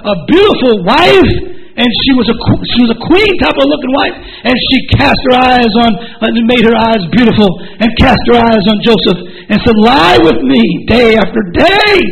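High-voiced gravelly male preacher. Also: low-quality recording. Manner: fervent, repetitive, builds to shouting. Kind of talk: sermon.

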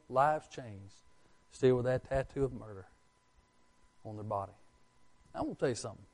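A man's voice: medium pitch, dark tone. A man preaching a Bible sermon with emphatic delivery, asking the congregation questions and answering them himself. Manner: emphatic, rising and falling, asks the congregation questions.

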